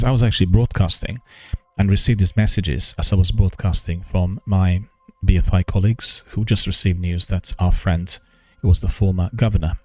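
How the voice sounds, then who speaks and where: Slow, halting older man, low voice. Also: dry recording. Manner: slow, halting, many ums and restarts; careful, formal enunciation. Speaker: gaming news streamer. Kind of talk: casual live-stream chat.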